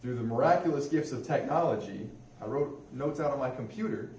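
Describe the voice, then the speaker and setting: A man's voice: medium pitch, expressive, brisk, darkish tone. A man, a religious affairs airman, giving a chatty, informal history talk to a museum audience and often turning to them with questions. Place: museum room. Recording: roomy hall, distant mic, faint noise.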